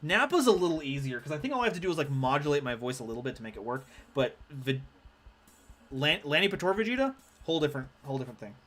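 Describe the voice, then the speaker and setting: A man's voice: a little high, expressive, quick pace, fairly bright tone. A man streaming a card game live, rambling and self-deprecating as he chats with his viewers. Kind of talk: live gameplay commentary.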